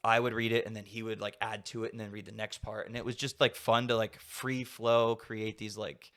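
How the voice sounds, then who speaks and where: Young man, podcast guest, somewhat low voice, loose rambling chat, lots of filler words. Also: flat delivery, fairly quick, a bit bright. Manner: rambling, heavy use of "like" fillers. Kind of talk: casual conversation.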